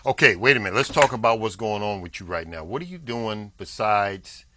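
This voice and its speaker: A man's voice: on the low side, lively intonation, fairly quick, background noise. A man hosting a talk show, chatty and eager, pressing his guest for stories. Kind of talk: casual interview chat.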